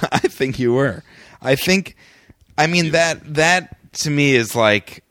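A man's voice: fairly high pitch, animated, slow, fairly bright tone, dry recording, clean studio sound. A man hosting a podcast, reading a story aloud and chatting, often breaking into laughter and restarting his sentences. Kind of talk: reading aloud and casual chat.

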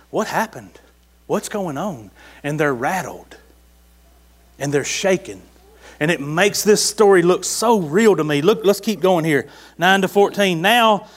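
High-voiced folksy preacher man. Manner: folksy, conversational preaching with rhetorical questions. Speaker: pastor. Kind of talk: sermon.

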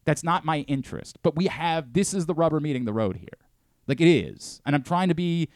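Male sports radio host, exasperated, lecturing, lively swinging pitch, dry studio sound. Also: a little fast, no room sound. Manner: exasperated, lecturing, stammering restarts. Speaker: radio host and director of programming. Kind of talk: heated sports radio argument.

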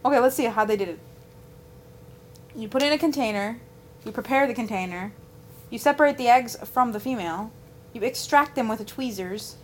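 Brisk blunt woman podcaster. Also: a little high, slight background noise. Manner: blunt, dismissive, reads aloud from articles. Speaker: podcast co-host. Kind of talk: casual chat.

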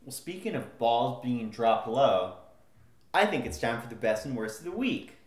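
A young man with a mid-pitched voice co-hosts a podcast in casual chat. He mostly gives short reactions and steers into the next segment. His voice has an echoey room sound. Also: big pitch swings, normal speed. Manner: short reactions and dry segues. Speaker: podcast co-host.

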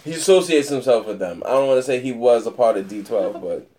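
A man's voice: medium pitch, fast talker, warm tone. A man co-hosting a casual music podcast, talking in a laid-back, rambling way with lots of fillers. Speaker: podcast co-host.

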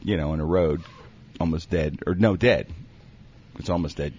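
Husky low-voiced man riffing comedically. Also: moderate pace, darkish tone. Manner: rambling, jokey, breaks into laughter. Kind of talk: comedic banter, reading a recipe aloud. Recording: dull lo-fi recording.

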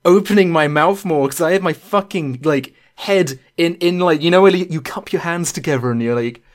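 Woman podcast host, low pitch, relaxed, swears casually. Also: moderate pace. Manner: casual, swears, short encouraging reactions. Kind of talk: casual chat.

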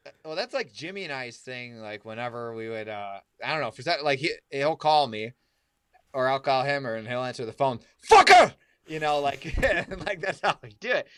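A man's voice: mid-range voice, animated, a little fast, smooth, no echo, studio quality. A man in casual podcast chat, rambling through stories with lots of filler words and swearing. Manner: rambling, loose, breaks into loud shouted impressions.

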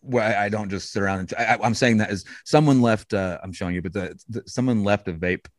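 A man's voice: lowish voice, fast, no echo, clean studio sound. A man talking casually as a guest, rambling with many restarts and fillers. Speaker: podcast guest. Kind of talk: casual conversation.

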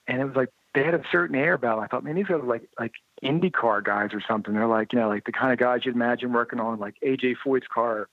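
A man's voice: medium pitch, fast talker, few pauses, no echo. Man telling stories over a tinny line. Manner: lively anecdotal, acts out quoted dialogue. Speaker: interview guest, motorcycle writer and blogger. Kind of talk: casual storytelling interview. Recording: tinny phone-like line, dry.

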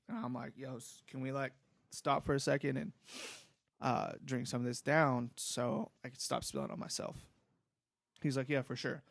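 A young man tells a rambling story in a relaxed, profane way. His voice has a gravelly edge, and the sound is dry and close. He keeps it casual and easygoing throughout. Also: medium pitch, no echo. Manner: laid-back, rambling, profane. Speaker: podcast host.

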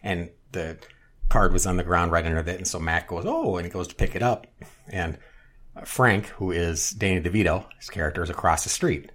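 A man chatting casually on a podcast, retelling a sitcom episode at length with restarts and loud acted-out quotes. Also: deep voice, steady tone, a little fast. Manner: rambling storyteller, many restarts, acts out quotes loudly. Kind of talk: casual chat.

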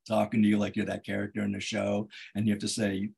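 A man's voice: lowish voice, monotone, quick pace, creaky, crowd noise. A man co-hosting an interview, rambling loosely and laughing between phrases. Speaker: co-host. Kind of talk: casual interview chat.

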